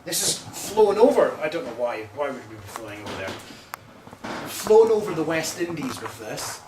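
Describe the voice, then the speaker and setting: A man serves as a medium on a ghost hunt, talking in halting, searching bursts and repeating his words. The recording is echoey and distant from the mic, with faint hum behind it. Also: medium pitch, lively intonation. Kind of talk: psychic readings on a paranormal tour.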